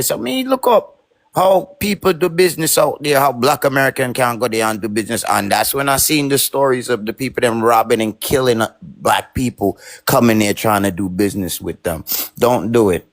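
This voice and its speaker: A man's voice: medium pitch, expressive, moderate pace, dry recording. A man with a Caribbean accent, chatting casually on a live stream and stammering a little as he starts a thought.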